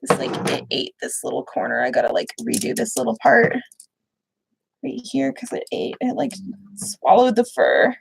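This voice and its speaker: A woman's voice: a little high, very animated, moderate pace, vocal fry, slight background noise, rough recording. Chatty young woman rambling while she sews. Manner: rambling, many fillers. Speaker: livestream host. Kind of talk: casual chat while sewing.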